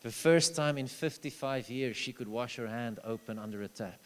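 Male preacher, mid-pitched, urgent then hushed, reverberant church hall. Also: moderate pace. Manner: storytelling, swings from loud urging to low hushed asides. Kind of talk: sermon.

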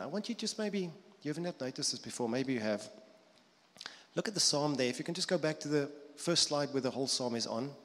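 A man's voice: medium pitch, animated, brisk, a bit bright. Guy giving a sermon, chatty, does little voices for the quotes, long reverb like a church hall. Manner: conversational, acts out quoted voices for illustration. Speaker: preacher.

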